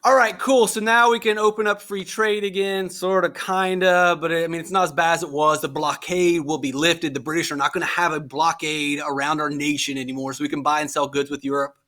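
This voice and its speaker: A man teaching a history lesson in a casual, animated way, often acting out quoted voices. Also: on the high side, a little fast, few pauses. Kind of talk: casual lecture.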